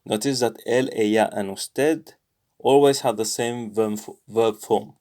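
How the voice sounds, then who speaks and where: A man going through a language lesson on his own, thinking aloud with many fillers and slowly repeating practice phrases. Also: on the low side, steady tone, dark tone. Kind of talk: casual self-study commentary.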